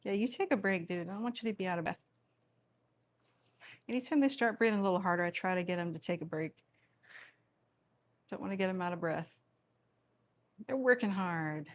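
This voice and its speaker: In a room at home with her cats, a woman with a mid-range voice talks a little fast and pauses often. She's a cat rescue vlogger filming them on a tripod, chatting casually as they play, teasing them and laughing a lot.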